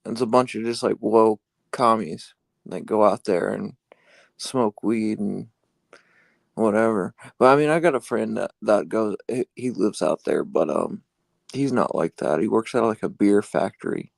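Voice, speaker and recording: A man co-hosting a podcast in casual chat, talking haltingly with many fillers. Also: lowish voice, gravelly, no echo. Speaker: podcast co-host. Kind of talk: casual chat, reading a flyer aloud.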